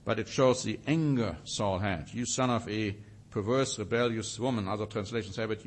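A man teaching a sermon, reading scripture with rising emphasis and slowing down to stress single words. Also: fairly low pitch. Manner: reads scripture aloud with rising emphasis, then comments. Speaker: preacher.

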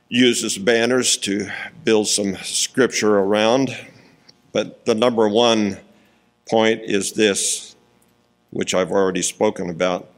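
Slow, gravelly-voiced male preacher. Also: fairly low pitch. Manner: slow, deliberate scripture reading with emphatic pauses; chuckles between points. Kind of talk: sermon.

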